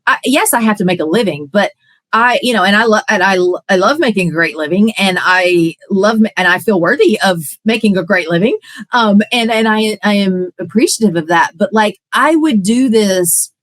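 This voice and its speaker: A woman's voice: medium pitch, normal speed, a bit bright, dry recording, poor audio. A woman coach in a podcast conversation, earnest and talking in long, flowing run-on sentences.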